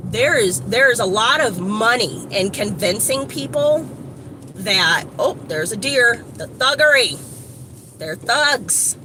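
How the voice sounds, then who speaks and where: A woman from Evanston, Illinois, giving a casual, rambling motivational talk to her phone camera outdoors, slangy and animated with lots of asides. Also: on the high side, takes it slowly. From Evanston, Illinois, USA. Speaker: motivational vlogger. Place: outdoors by a street with shops. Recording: outdoor traffic noise.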